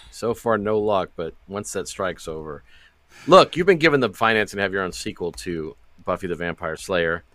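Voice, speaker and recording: A man with a deep voice, recorded dry and close, co-hosting a movie podcast. He delivers crude jokes deadpan. He keeps a loose, casual tone. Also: normal speed, dry recording. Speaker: podcast co-host.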